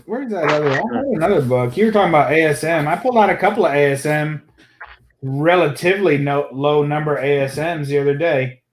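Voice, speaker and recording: A man's voice: a little high, slight background noise. A man hosting a casual chat among collectors, agreeing often and adding his own views. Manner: chatty, quick agreeing interjections. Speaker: host.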